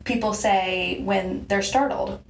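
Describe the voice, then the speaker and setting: A woman's voice: medium pitch, takes it slowly, vocal fry, reverberant, distant mic, slight background noise. A woman co-hosting a casual chat, curious and full of questions about expressions. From US West Coast. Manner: curious, asks many questions. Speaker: podcast co-host.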